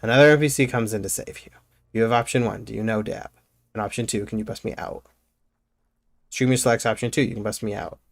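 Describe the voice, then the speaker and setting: A male streamer reading video game text aloud slowly and carefully, breaking off for casual asides to his viewers. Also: lowish voice, fairly even intonation, gravelly. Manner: reads game narration in a slow, measured way, breaking off for casual asides.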